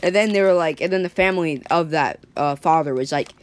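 A woman's voice: sits low, fairly quick. A woman telling an improvised story in a rambling way, full of likes and restarts. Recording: faint background noise.

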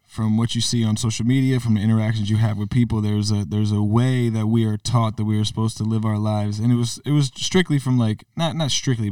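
A man's voice: lowish voice, mellow, dry recording, clean studio sound, distant mic. A man in his thirties chatting casually on a podcast, rambling with lots of filler words and restarts. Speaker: podcast co-host and musician. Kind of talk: casual chat.

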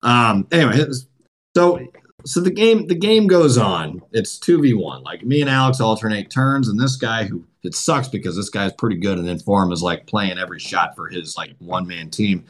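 Profane, animated male storyteller. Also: fairly low pitch, normal speed. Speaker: podcast co-host. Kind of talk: casual storytelling chat.

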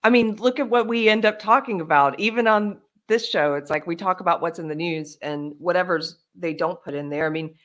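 A woman hosting a casual live stream, chatty and quick to laugh as she reads viewer comments. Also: on the low side, fairly bright tone. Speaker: show host.

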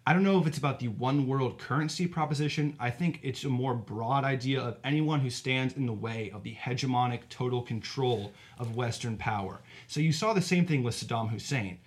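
A man's voice: mid-range voice, a little fast, hardly any pauses. A man, co-hosting a podcast, talking in an opinionated, argumentative way and asking rhetorical questions. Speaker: podcast co-host. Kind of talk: casual podcast talk.

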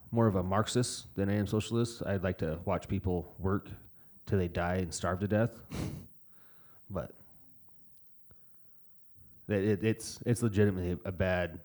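A young man with a deep, dark-toned voice co-hosts a podcast in casual chat. He swears freely and rambles his way through stories.

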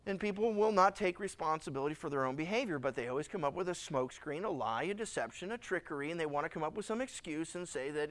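A male pastor preaching a sermon, acting out scenes in lively, dramatic voices. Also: a little high, quick pace, hardly any pauses. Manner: animated, acts out dialogue.

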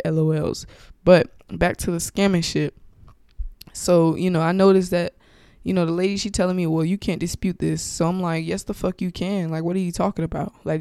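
A woman hosting her own podcast from home, telling a story in a profane, blunt, animated way and acting out what other people said. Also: on the low side, dry recording, studio quality. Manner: profane, blunt and animated, acts out quoted exchanges. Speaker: podcast host. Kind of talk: casual storytelling chat. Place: at home, with her dog nearby. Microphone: podcast mic, wearing headphones.

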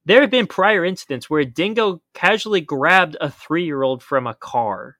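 A man's voice: a little high, animated, normal speed, hardly any pauses, bright, forceful tone, no room sound, studio quality. A man co-hosting a podcast, explaining in a casual chat with emphatic warnings. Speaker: podcast co-host.

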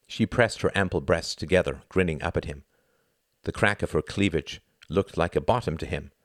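Deep-voiced male audiobook narrator. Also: moderate pace, no echo, clean studio sound. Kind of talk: audiobook reading of a novel.

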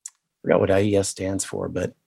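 A man with a rough voice today, talking casually and haltingly about computer graphics lighting, with many pauses and fillers. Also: sits low, level tone, darkish tone, no echo. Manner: halting, many ums, shares screen. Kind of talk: casual technical chat.

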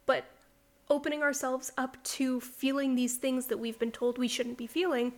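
A woman's voice: sits high, fairly even intonation, normal speed. A woman co-hosting a casual book club podcast, talking in a chatty, rambling way and often saying "like". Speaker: podcast co-host.

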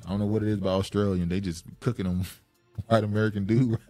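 A man hosting a casual podcast chat. He laughs often and his voice jumps up when he gets excited. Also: on the low side, fast, soft background music. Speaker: podcast host.

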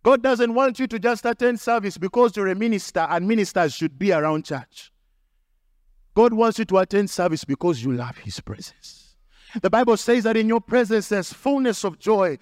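High-pitched guy preaching hard, repeats lines for punch, close dry mic. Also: animated, normal speed, no echo. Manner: emphatic preaching with repetition and acted quotes. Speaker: pastor. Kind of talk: sermon.

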